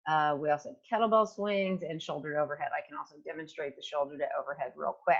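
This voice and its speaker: A woman with a low, gravelly, steady voice speaks at a quick pace while coaching exercises at home, encouraging the viewer with frequent fillers. The recording on her new microphone in a hardwood-floored room sounds muffled.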